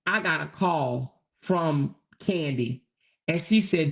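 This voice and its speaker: A woman's voice: deep voice, slow, creaky. A woman hosting a livestream, ranting brashly and profanely to her chat and repeating lines for emphasis. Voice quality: brash, profane, sassy delivery. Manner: talks straight to chat, repeats phrases for emphasis. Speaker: livestream host. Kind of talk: casual livestream rant.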